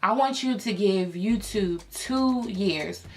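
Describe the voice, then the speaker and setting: A young woman from Philadelphia, a beauty YouTuber, telling an excited storytime to her viewers in a chatty way with many fillers. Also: mid-range voice, slow pace. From Philadelphia, USA. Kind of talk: storytime vlog, casual chat to viewers.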